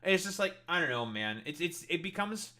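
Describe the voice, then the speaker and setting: A man's voice: fairly high pitch, sing-song, a little fast, sharp tone. A man streaming and ranting in casual reaction commentary, swearing and mocking other people's voices.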